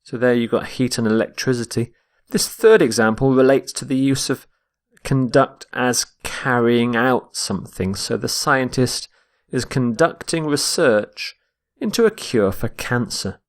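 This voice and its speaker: A man teaching English vocabulary, explaining each word slowly and repeating it to show where the stress falls. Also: medium pitch, expressive. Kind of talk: slow, explained vocabulary lesson.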